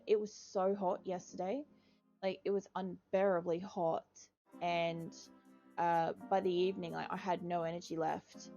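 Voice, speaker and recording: A woman's voice: fairly low pitch, a little mellow. A young woman giving casual gameplay commentary as a streamer, rambling chattily, swearing and scolding her game characters.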